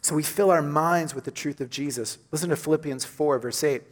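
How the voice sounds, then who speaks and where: A pastor delivers a sermon in a church, earnest and conversational, easing into a hushed tone whenever he quotes scripture. His voice sits a little high for a man. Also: brisk, hardly any pauses. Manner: earnest, conversational preaching, softens when quoting scripture.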